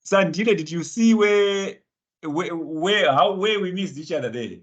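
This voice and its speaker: A man's voice: high-pitched, lively intonation, measured pace, muffled recording. A man teaching a live online finance class, encouraging students by name and laughing often. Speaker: lecturer.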